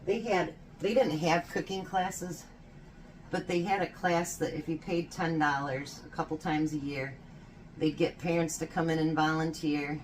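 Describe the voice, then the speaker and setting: Low-voiced chatty woman baking at home. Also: steady tone, measured pace, slight background noise. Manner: chatty storytelling, laughs often. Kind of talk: casual chat while baking.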